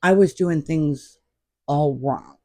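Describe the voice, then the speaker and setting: A woman's voice: low voice, takes it slowly, no echo, studio quality. A woman in her fifties, a podcast guest, telling stories in a chatty, anecdotal way. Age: 50s. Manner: warm, chatty anecdotal storyteller. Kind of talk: casual storytelling chat.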